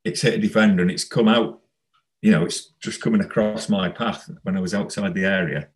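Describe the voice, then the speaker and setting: A man, a former footballer, telling stories in a relaxed, rambling interview. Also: on the low side, fairly quick, poor audio. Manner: rambling, anecdotal, laughs while telling. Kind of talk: casual storytelling interview.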